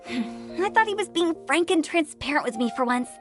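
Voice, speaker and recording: A mischievous young funeral director who teases and sighs with theatrical flair. Her voice sits high. Soft game music runs underneath. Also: expressive, normal speed. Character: playful, teasing young woman, funeral parlor director. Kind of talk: game voice acting.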